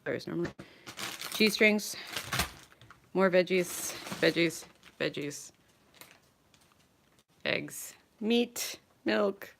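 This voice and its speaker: A woman's voice: on the low side, drawn-out words, gravelly, long pauses, a bit bright, slight background noise. A woman in her thirties from Canada, chatting casually while unpacking groceries at home, rambling and often apologizing with a self-deprecating edge. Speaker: vlogger. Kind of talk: casual live vlog chat. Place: home, moving between rooms.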